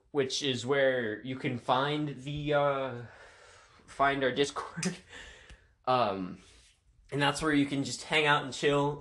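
A man's voice: medium pitch, fairly bright tone. Goofy rambling podcast host, man. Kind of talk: casual podcast chat.

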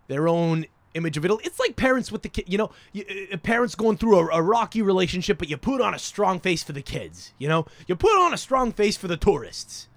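A man hosting a solo podcast, rambling, profane and excitable, jumping between topics and often checking in with "you understand?". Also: a little high, vocal fry, no echo. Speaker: podcast host.

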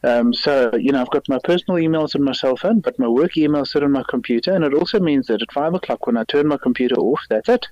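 A man's voice: mid-range voice, fast, hardly any pauses, darkish tone, no room sound. A man, an attorney, confidently giving advice and anecdotes as a podcast guest. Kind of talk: casual podcast chat. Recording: dry, muffled lo-fi audio.

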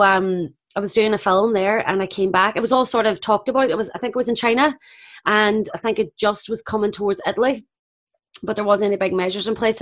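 Female guest, Northern Irish, candid and chatty, mid-pitched. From Northern Ireland. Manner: candid, laughing anecdotes. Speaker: actress guest. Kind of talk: casual chat.

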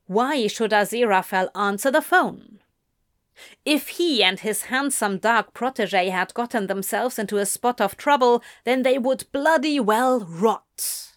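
A woman reading a story aloud in an expressive, measured way. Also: a little high, dry recording, clean studio sound. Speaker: reader.

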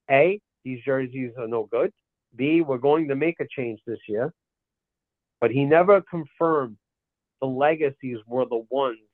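A man's voice: medium pitch, dry recording. A man in casual conversation, telling a long rambling anecdote full of quoted dialogue and restarts. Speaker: podcast guest. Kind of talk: casual storytelling. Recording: tinny phone-like line, dry.

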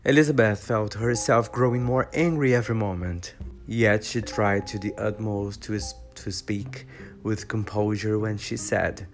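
A man reading a classic novel aloud as audiobook narration, steady and even. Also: on the low side, unhurried. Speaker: audiobook reader. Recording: guitar music behind voice.

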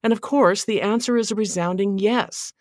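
Measured woman narrating writing advice. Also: medium pitch, a little mellow, no room sound, clean studio sound. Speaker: writing podcast host. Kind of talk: scripted narration.

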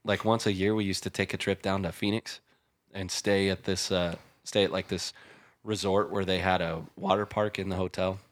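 A young podcast host with a low, level voice and moderate pace tells a story in a laid-back way on his casual chat show. He laughs a lot and keeps saying "dude" and "bro."

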